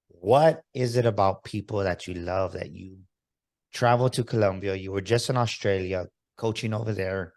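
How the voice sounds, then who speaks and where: A man hosting an interview podcast, enthusiastic and motivational, slipping in bits of Spanish. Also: lowish voice. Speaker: podcast host.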